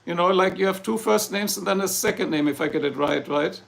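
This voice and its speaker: Chatty German-accented man with a gravelly voice. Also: high-pitched, fairly quick, fairly bright tone. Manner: rambling, chatty, jokey, with many restarts. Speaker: livestream host. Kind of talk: casual livestream chat answering viewer comments.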